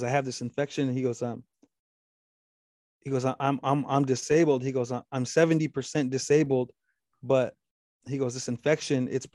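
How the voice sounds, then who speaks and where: A man's voice: warm tone, dry recording, clean studio sound. A man telling a long story in casual chat, with lots of swearing and restarts. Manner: rambling storytelling with frequent profanity and restarts; quotes the other man at length in a low voice.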